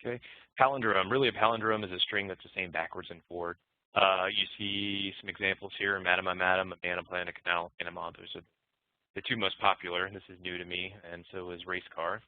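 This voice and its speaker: A man teaching programming in a recorded lecture, relaxed and thinking aloud as he walks through code. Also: low-pitched, fairly quick. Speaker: programming instructor. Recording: muffled phone-like dry audio.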